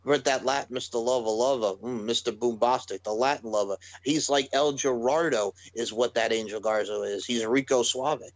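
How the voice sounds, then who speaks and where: Man, podcast co-host, excitable, sarcastic, dry close sound. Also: mid-range voice, moderate pace, few pauses, dry recording, rough recording. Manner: excitable, sarcastic, swears freely. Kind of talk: casual wrestling chat.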